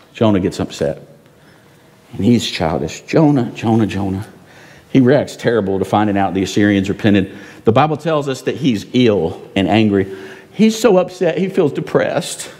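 A man preaching a sermon in a church, animated and conversational, with frequent rhetorical tag questions to the congregation. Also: medium pitch. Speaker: pastor. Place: church sanctuary. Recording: long reverb in a church.

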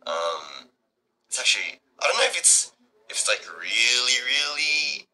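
Aussie guy chatting in his room, gravelly, swings up and down a lot, keeps repeating himself. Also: mid-range voice, very animated, measured pace, pushed and bright, low-quality recording. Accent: Australian. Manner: rambling, repeats words, drops into half-whispers. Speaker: streamer answering fan questions. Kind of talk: casual chat.

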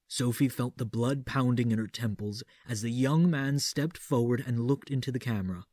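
Audiobook narrator: man, dark mellow voice, theatrical and measured, dry close mic. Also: mid-range voice, no echo. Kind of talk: audiobook reading doing a Vincent Price impression.

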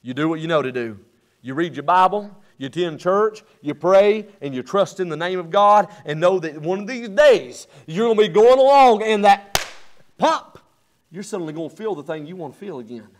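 High-voiced preacher with a drawl. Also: male voice. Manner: preaches in rising bursts, then drops low and quiet. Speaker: pastor. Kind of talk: sermon. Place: church sanctuary at the pulpit.

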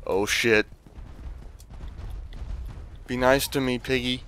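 A man's voice: mid-range voice, steady tone, slow pace, a bit bright, a little hiss or hum. A young man commentating his own gameplay, trash-talking enemies with lots of swearing and breaking into sudden yelps of alarm. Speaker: let's play host.

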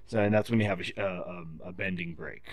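A man's voice: low voice, fast, no echo. A man in casual podcast chat, telling a profane story and explaining tree felling in technical detail. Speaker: podcast guest.

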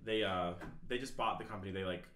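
A young man chats as a podcast guest, circling through long anecdotes packed with "like" and "um." His voice sits low but comes across bright and forceful. The room around him is echoey. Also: fast talker. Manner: rambling, filler-heavy storytelling. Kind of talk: casual chat.

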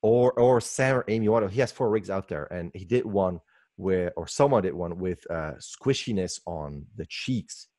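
Speaking from home over a video call microphone, this guest animator in his forties offers lively, gushing webinar commentary and laughs a lot. He has a low voice and a moderate pace. The recording is clean and studio-like, with no echo.

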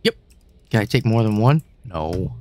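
A man's voice: fairly low pitch, lively intonation, measured pace, a little mellow, dry recording. A young man giving wry, suspicious commentary while playing a horror game, swearing now and then. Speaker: gaming channel host.

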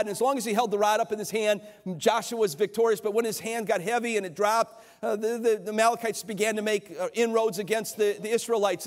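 High-voiced man preaching in a reverberant church. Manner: earnest preaching with repeated words and restarts. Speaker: pastor. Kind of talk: sermon. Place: church sanctuary. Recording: church sanctuary with long reverb.

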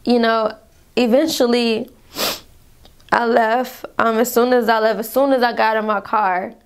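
A woman's voice: on the high side, level tone, unhurried, smooth. A young woman telling a painful personal story to her viewers in a vlog, rambling, calling them y'all, fighting back tears. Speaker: vlogger.

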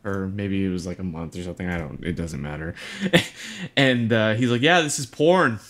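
A man's voice: deep voice, lively intonation, moderate pace. A man co-hosting a casual podcast chat, rambling with crude language and frequent laughs. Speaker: podcast co-host.

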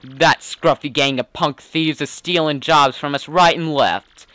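A man voicing a gruff male mobster henchman who talks in tough-guy gangster slang. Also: on the high side, steady tone, unhurried, bright, forceful tone, dry recording, faint music behind. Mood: mopey.

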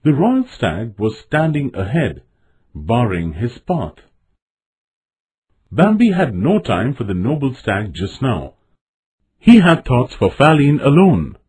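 A man narrating a children's storybook in an expressive, measured way. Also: medium pitch, breathy edge.

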